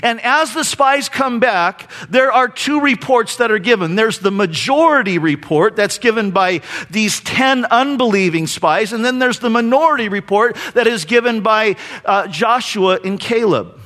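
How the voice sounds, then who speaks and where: A male pastor preaching a sermon who tells stories and jokes, asks rhetorical questions, and slows down and drops his voice at key phrases. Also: sits high, lively intonation, sharp tone.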